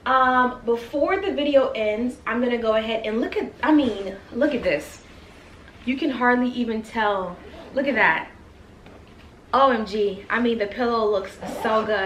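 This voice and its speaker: A woman chatting casually to her viewers in a home vlog, gushing and talkative, recorded by a camera on a bedroom floor. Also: a little high. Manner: chatty, gushing, addresses viewers as you guys. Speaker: lifestyle vlogger. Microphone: camera on the floor at eye level. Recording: echoey room with faint hum.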